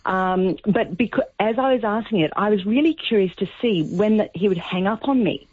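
A woman's voice: mid-range voice, normal speed, breathy edge, dry recording. A woman telling a story on a radio phone-in, acting out the lines of a conversation as she goes. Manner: chatty storyteller, acts out quoted dialogue. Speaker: caller. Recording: tinny phone line.

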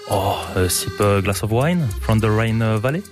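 A man with a French accent and French as his first language, a festival president chatting as a radio studio guest and reading short passages aloud, relaxed and a little hesitant. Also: fairly low pitch, moderate pace, music in the background. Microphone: studio microphone.

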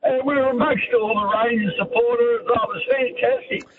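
High-voiced caller on noisy phone. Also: male voice, steady tone, a little fast, narrow, tinny audio. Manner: rambling storyteller. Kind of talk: talkback call.

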